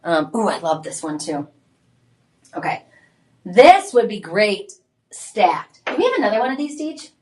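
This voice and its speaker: Chatty shopping-channel hostess. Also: female voice, mid-range voice, very animated, measured pace, long pauses, a little hiss or hum. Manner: enthusiastic, chatty, exclaims and laughs often. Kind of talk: live home-shopping sales pitch.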